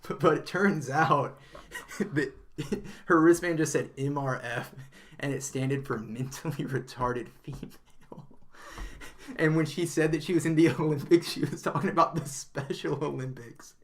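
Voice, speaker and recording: A man's voice: on the high side, a little slow, a little hiss or hum. Chatty male podcast co-host. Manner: rambling, animated retelling with frequent laughs and fillers. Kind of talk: casual chat.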